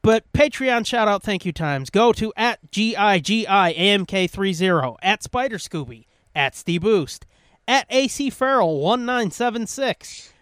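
A man with a high-set voice chats casually as a podcast co-host, swearing often and wandering between thoughts. His voice is close and dry, with no room sound. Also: animated, unhurried, fairly bright tone, clean tone, dry recording. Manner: profane, rambling, reads sponsor list. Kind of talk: casual chat.

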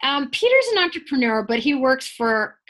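Animated woman guest, playful. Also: high voice, normal speed. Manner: animated, laughs often, playful teaching tone. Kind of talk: conversational interview.

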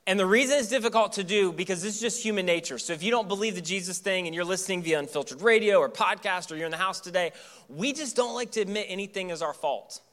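Bright-voiced joking pastor. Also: male voice, high-pitched, fast. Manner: casual, joking storytelling. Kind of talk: sermon. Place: church.

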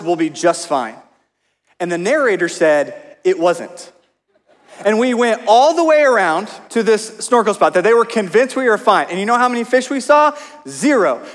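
A man with a high voice gives a sermon, mixing scripture with personal stories in a relaxed, chatty way. His words hang in a long reverb, as in a large hall. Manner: storytelling, conversational with asides. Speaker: pastor.

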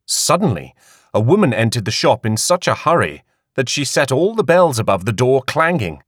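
A man narrating an audiobook in an expressive storytelling manner. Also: mid-range voice, moderate pace, slightly rough, dry recording, studio quality. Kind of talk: scripted narration.

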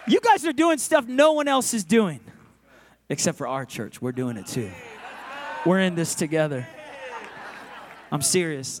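A man's voice: high-pitched, slight background noise. Impassioned preacher man in a ringing hall. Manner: impassioned storytelling, swinging between loud and hushed. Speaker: guest pastor. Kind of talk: sermon. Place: large church auditorium. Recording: long reverb of a large hall.

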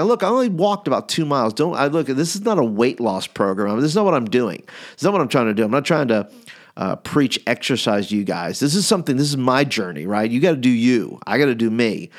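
Brief: man in his forties, youth ministry speaker, casual and rambling, mid-pitched. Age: 40s. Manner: rambling, many fillers and restarts, animated storytelling. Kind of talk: casual teaching talk.

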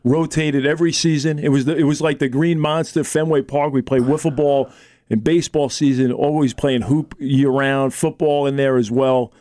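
A man's voice: mid-range voice, fairly even intonation, moderate pace, mellow, dry recording, clean studio sound. A man in his sixties, hosting a casual chat and chiming in with shared memories. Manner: reminiscing, chiming in. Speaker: host.

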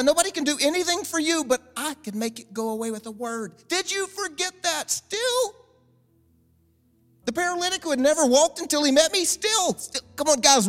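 A man voicing Jesus as an exasperated adult man, scolding his fearful disciples in a loud, incredulous tone with drawn-out questions. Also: very high voice, big-room sound, voice pushed up.

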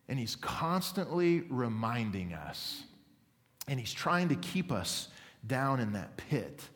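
A man preaching a sermon as pastor, earnest and building emphasis as he tells a story. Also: mid-range voice. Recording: reverberant hall.

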